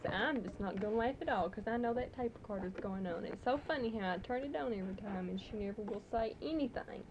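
A woman's voice: medium pitch, quick pace, background noise. A woman talking baby talk to her infant in a coaxing, playful sing-song, speaking into a handheld tape recorder microphone at home. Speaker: mother recording a tape for her away husband.

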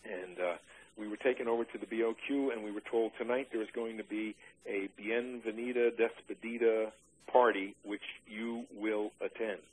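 An older man in an oral history interview, recalling his army days with dry humor and many halting "uh" restarts. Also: lowish voice, steady tone, a little mellow, breathy edge, low-quality recording.

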